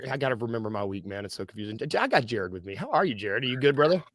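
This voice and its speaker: A man's voice: on the low side, expressive, fairly bright tone, no echo, studio quality. A man from Tennessee with a Southern American accent, hosting a casual podcast chat in a jokey, rambling way. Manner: jokey, rambling, quick to laugh. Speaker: podcast host.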